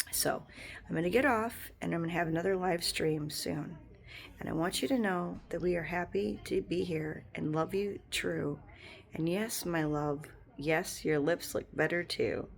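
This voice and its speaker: A woman's voice: lowish voice, creaky. A woman live streamer talking in a casual, rambling stream of thought.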